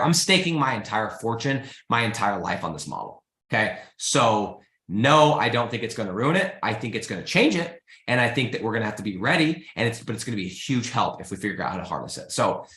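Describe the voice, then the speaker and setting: Man, host, bright forceful voice, energetic and pleading, echoey room. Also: mid-range voice. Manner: energetic, pleading, says "guys" and "freaking" often. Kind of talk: motivational live-stream talk.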